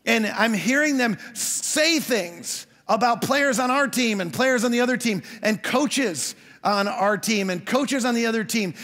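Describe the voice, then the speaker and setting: A man preaching a sermon as a pastor, telling stories in a conversational way with quick asides. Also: extremely high pitch, fairly bright tone. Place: church hall. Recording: long hall reverb.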